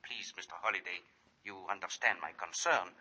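A secretive, insistent contact. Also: male voice, medium pitch, lively intonation, normal speed, bright, forceful tone. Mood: urgent. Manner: clipped, formal, urgent instructions. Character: secretive insistent male jewel-deal contact. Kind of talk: 1940s radio acting. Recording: muffled old radio recording.

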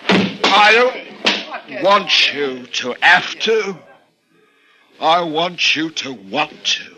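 A man's voice: fairly high pitch, lively intonation, drawn-out words, heavy background noise. A man playing a lonely bitter hangman. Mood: stiff. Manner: sullen muttering, flares into shouting. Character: lonely bitter male hangman, working class. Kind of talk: radio drama acting.

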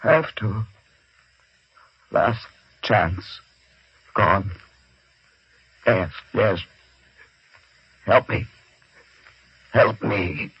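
A man's voice: fairly high pitch, sing-song, unhurried, breathy edge, no room sound, exaggerated voice. An actor playing a tormented male professor and inventor in a 1950s radio drama. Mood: desperate. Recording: lo-fi vintage radio recording.

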